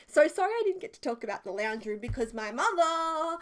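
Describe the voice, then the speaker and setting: A woman's voice: high-pitched, sing-song, a little fast, fairly bright tone. A woman, chatting casually and rambling through a voiceover for her building video, full of filler words. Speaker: video creator.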